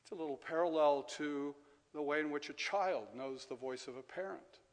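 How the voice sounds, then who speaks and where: Man preaching in a reverberant church. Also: fairly high pitch. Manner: measured, dropping to soft emphatic repetitions. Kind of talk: sermon. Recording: long reverb of a large hall.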